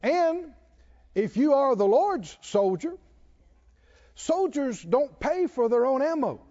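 A man preaching a sermon with animated delivery, repeating phrases and quoting scripture. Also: extremely high pitch, slow pace, highs cut off. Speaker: pastor.

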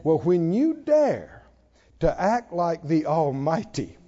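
A man preaching a sermon, swinging from near-shouts down to hushed tones, often laughing between lines. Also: a little high, big pitch swings, slow pace, dull audio. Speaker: pastor.

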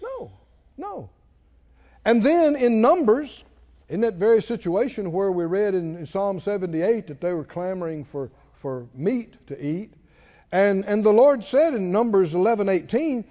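High-voiced animated preacher. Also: male voice, a little slow. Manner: animated, emphatic, laughs at his own asides. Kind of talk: sermon. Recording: long hall reverb, dull sound.

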